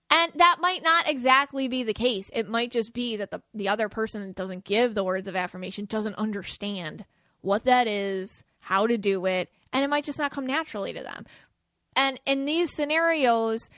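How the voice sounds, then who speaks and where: A woman's voice: fairly high pitch, normal speed, sharp tone, no echo, studio quality. A woman hosting a podcast, talking casually and chattily, acting out the quoted lines of the people she describes. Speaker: podcast host.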